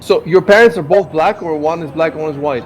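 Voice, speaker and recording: Rambling, halting male stream host. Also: on the high side. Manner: rambling, halting, frequent restarts. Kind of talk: casual chat.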